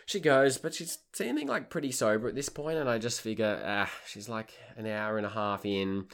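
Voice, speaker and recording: A man, a tour leader and podcast host, telling a comic anecdote in a wry, exasperated and animated way. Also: on the low side, moderate pace.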